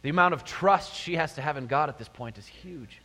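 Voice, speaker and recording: A man's voice: fairly high pitch, brisk. A middle-aged man preaching a sermon to a congregation, telling stories and asking the listeners questions. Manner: storytelling, animated, addresses the congregation with questions. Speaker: pastor. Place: church sanctuary. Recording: long hall reverb.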